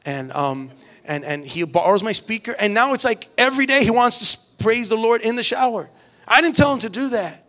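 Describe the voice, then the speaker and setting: A man's voice: sits high, moderate pace, pushed and bright. A middle-aged man preaching a sermon to a church, earnest and emphatic, often restarting phrases. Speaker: pastor.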